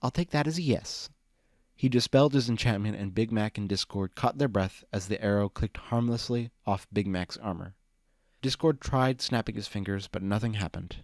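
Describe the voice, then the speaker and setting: A man reading a fan fiction story aloud, with steady narration. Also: on the low side, normal speed, no room sound, studio quality. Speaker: reader.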